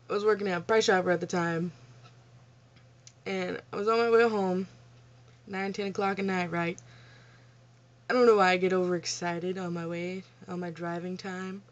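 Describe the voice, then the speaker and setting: A young woman telling childhood stories in a casual vlog Q&A, blunt and profane, often laughing at herself. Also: fairly low pitch. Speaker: vlogger. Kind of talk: casual storytelling Q&A. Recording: dull lo-fi home recording.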